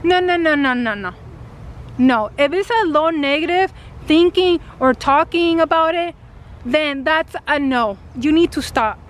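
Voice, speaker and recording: A woman vlogger telling a personal story casually to camera, animated and full of fillers, acting out what people said. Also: high voice, a little slow, a little hiss or hum. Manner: animated retelling, acting out quoted dialogue, many fillers. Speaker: spiritual vlogger.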